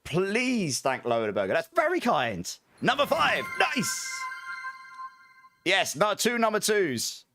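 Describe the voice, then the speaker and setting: A man hosts a live gaming stream, joking and chatting with viewers between laughs. His voice sits a bit higher than most men's. It is recorded close to the mic with a dry sound and no room echo. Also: wildly swooping pitch, moderate pace, hardly any pauses, a bit bright, soft background music. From Britain. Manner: upbeat, jokey, laughs often, thanks viewers by name.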